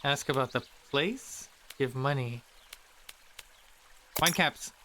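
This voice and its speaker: A man's voice: mid-range voice, takes it slowly, bright, forceful tone, a little hiss or hum. Playful man streaming a game. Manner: playful, reads game text aloud. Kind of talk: casual gameplay commentary. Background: game music.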